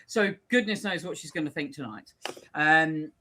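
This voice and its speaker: A woman's voice: low-pitched, moderate pace, bright, forceful tone, slight background noise. A woman co-hosting a casual podcast from her home office, playful and full of rambling asides. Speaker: podcast co-host.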